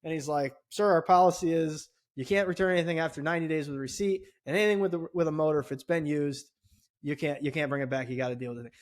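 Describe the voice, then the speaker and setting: A man's voice: fairly high pitch, fast. A middle-aged man co-hosting a podcast, telling a story casually with lots of swearing, his voice climbing sharply when he gets indignant. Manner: animated, swears often, voice rises when indignant. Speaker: podcast co-host.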